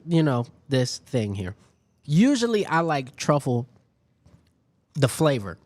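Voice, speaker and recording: A podcast co-host with a Detroit, Michigan accent chats animatedly on a casual food podcast, using lots of fillers and sometimes eating as he talks. His voice is fairly low and darkish, with no room sound.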